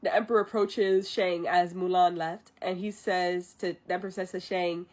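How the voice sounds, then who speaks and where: A woman vtuber retelling a movie on a live stream, chatty and animated with frequent laughs. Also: on the low side, moderate pace, few pauses.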